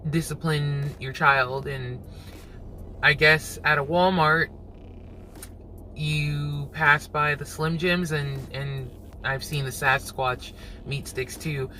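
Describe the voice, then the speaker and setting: A man hosting his own reaction channel, musing aloud in casual commentary and quick to laugh. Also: fairly high pitch, steady tone, sharp tone, slight background noise, rough recording.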